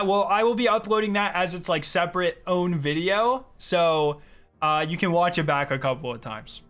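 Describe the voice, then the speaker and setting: A young man streaming live, chatting casually and excitedly with his chat, reading their questions aloud and answering them. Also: high-pitched.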